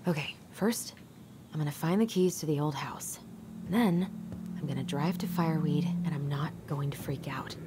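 A woman voicing a nervous young woman in a video game, talking quietly to herself. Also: deep voice, moderate pace, noisy background, natural voice. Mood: anxious. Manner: quiet, self-reassuring, murmured to herself. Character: nervous young woman returning to her childhood home.

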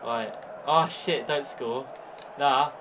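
A man's voice: mid-range voice, slow pace, background noise. A man trading laughing, swearing banter over a football video game while clothes pegs pinch his face. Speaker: gaming channel co-host. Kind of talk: casual gaming banter.

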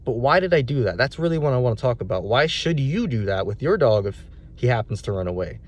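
A man's voice: mid-range voice, sing-song, fast talker. A young adult man, a dog trainer, telling a story in a casual vlog, rambling and candid with many restarts.

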